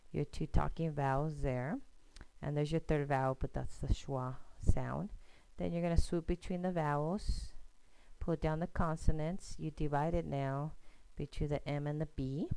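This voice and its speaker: Woman teacher doing a screencast lesson, low smooth voice, patient step by step. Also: mellow, dry recording, poor audio. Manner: patient, step-by-step explaining with frequent "okay?".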